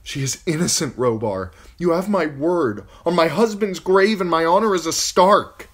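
Brief: man voicing stern, urgent noblewoman, high and forceful for an audiobook reading. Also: lively intonation, measured pace, husky. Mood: frantic. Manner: raised pitch, urgent commanding delivery. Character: noble widowed lady, commanding and urgent.

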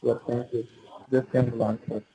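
A man's voice: mid-range voice, little pitch movement, moderate pace, creaky, a crowd in the background. A man on a phone call, posing as a support agent, who talks in a repetitive way, full of "like" and "sir". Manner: repetitive, fills speech with "like" and "sir".

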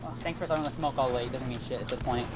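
A man's voice: mid-range voice, fairly even intonation, racing, heavy background noise. A young man in casual gaming chat over a headset who complains, blames his teammates and swears. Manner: irritable, complaining, profane. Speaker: online game player.

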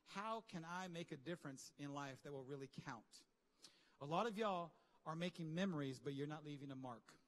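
A man preaching a lively, conversational sermon with slang and asides to his congregation. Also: fairly high pitch, long reverb tail. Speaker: pastor. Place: large church hall.

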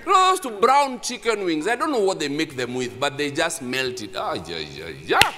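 A man preaching a sermon, telling a story with animated delivery and acting out what people said. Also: fairly high pitch, normal speed, noisy background. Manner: animated, acts out others' lines. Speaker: pastor. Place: church hall. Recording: reverberant hall.

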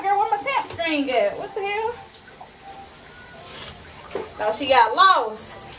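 A woman vlogging casually at home while getting ready, loud and playful, talking straight to her viewers with slang. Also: sits high, expressive, unhurried, pauses often. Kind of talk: casual chat to camera. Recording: distant mic with music playing behind.

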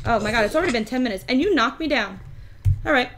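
High, lively woman gaming host. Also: quick pace, faint music behind. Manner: chatty, talks to her game pet in a coaxing tone. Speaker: let's play host. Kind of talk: video game commentary.

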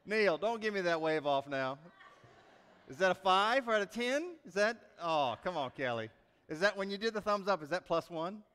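A man preaching a sermon as pastor, telling a story in a folksy, animated way with many restarts. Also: high-pitched, moderate pace, clean tone. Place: church sanctuary. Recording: long reverb of a church sanctuary.

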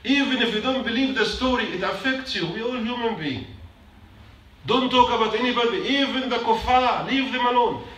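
An extremely high-pitched male voice, brisk and a bit bright, delivers a short mosque sermon, emphatic and full of repeated points and questions to the congregation. It's recorded from a distance in an echoey prayer hall with slight background noise.

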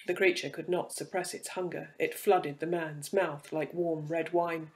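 Male reader, slightly high pitch, measured and dramatic for fantasy narration. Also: flat delivery. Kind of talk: dramatic fiction reading.

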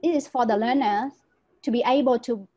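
A woman trains teachers in an online lecture, speaking in a warm, mellow and slightly husky voice. She explains patiently, step by step, and keeps checking in with "right?". The sound comes through a video call. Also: a little high, fairly quick, lo-fi sound.

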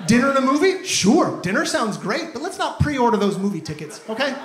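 A man doing a stand-up comedy set on stage, telling stories in an animated, exasperated way into a handheld mic. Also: very high-pitched, fairly quick, slight background noise. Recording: echoey venue with loud audience ambience. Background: audience laughter.

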